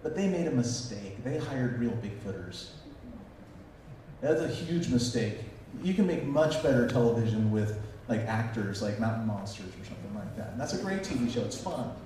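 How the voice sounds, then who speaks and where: Here a man speaks at normal speed in a warm, medium-pitched voice with lively intonation, telling animated stories at a conference and voicing the characters he quotes. The echoey, far-off hall recording has a slight hiss or hum.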